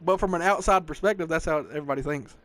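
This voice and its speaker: This podcast host is a man in his twenties from the American South, speaking with a Southern accent in a fairly high, slightly bright voice at a very fast clip. He chats loosely and swears a lot, sprinkling "bro" and "dog" throughout.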